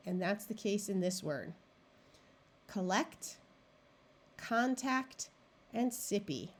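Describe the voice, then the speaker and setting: A woman's voice: medium pitch, lively intonation. A woman reading tutor giving a phonics lesson, sounding out practice words one at a time and explaining syllable rules. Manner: slow, deliberate, clear word-by-word modeling.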